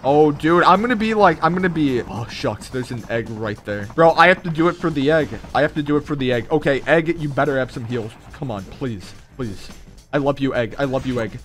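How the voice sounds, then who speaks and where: A young man streaming a mobile shooter, talking to his chat with excitable commentary and sudden high yelps and laughs. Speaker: gaming streamer. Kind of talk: live gameplay commentary.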